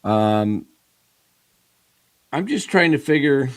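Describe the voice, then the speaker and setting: A man's voice: mid-range voice, sing-song, slow. A man hosting a casual sports talk stream, rambling animatedly with many fillers and restarts. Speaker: sports show host. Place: home studio in Arizona.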